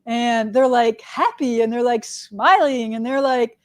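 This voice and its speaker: A woman's voice: on the high side, measured pace. A middle-aged woman, hosting a casual live stream for her quilt shop and running through announcements in a chatty, upbeat way. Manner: chatty and upbeat, lots of "all right" and "right?".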